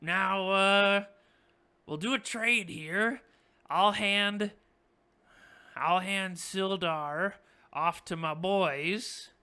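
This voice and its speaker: Goblin boss, sly and giggly, a touch high, voiced by a man. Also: very slow, pauses often, sharp tone, clear, resonant tone, exaggerated voice. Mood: scheming. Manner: giggly, smug, wheedling. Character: sly chuckling goblin boss, male adult.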